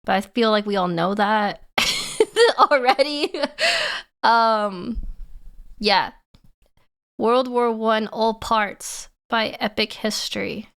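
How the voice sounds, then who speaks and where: A woman's voice: on the high side, lively intonation, takes it slowly, gravelly, fairly bright tone, clean tone. A woman streamer chatting casually and giggling as she sets up a reaction video. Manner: giggly, self-teasing, chatty.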